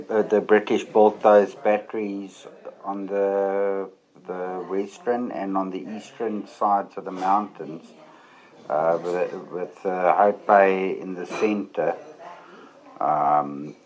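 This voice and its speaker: A man's voice: lowish voice, takes it slowly, a little mellow, rough recording. A man chatting casually and hesitantly, with many uhs. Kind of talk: casual chat about history.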